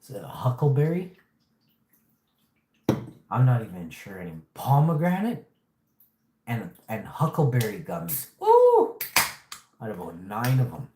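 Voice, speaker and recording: A man's voice: on the low side, moderate pace, pauses often, roomy sound, a little hiss or hum. A man hosting a casual vlog, telling rambling stories full of swearing. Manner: profane, rambling, animated storytelling. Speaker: host.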